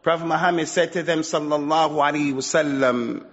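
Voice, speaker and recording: Male preacher, high voice, emphatic and repetitive delivery; muffled recording with long hall echo. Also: fairly even intonation, brisk. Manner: emphatic, repeats points, mixes in Arabic phrases. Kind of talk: sermon.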